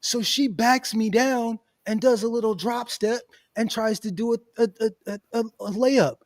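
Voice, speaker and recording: A man telling a long, animated story in a casual chat, often laughing and saying "bro.". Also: very high voice, normal speed, no room sound, studio quality. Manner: animated, laughs often, says "bro" and "you know what I'm saying". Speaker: podcast host.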